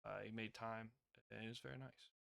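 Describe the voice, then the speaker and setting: A young man talks through a wrestling recap in a loose, rambling way, full of fillers and sudden bursts of loud excitement. His voice is smooth and resonant, with a close, dry sound that has no room echo. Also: on the low side, a little fast. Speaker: wrestling show reviewer. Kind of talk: casual recap review.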